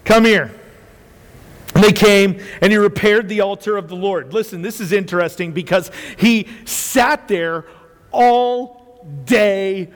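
A man preaching a sermon with animated storytelling, acting out quotes and laughing often as he goes. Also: high voice, a little slow. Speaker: pastor. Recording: reverberant hall.

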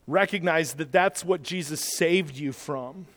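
A man's voice: fairly high pitch, unhurried, fairly bright tone. A man preaching a sermon as a pastor, talking conversationally and then building to urgent exhortation, in a church. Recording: long hall reverb.

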